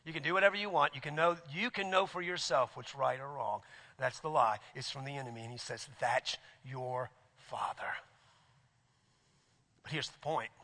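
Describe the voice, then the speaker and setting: A man preaching a fervent sermon, his voice high and bright. He sinks to near-whispers, then surges into shouting. A long reverb trails every line, as in a large hall. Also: fast talker. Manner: impassioned, swings from hushed to shouting.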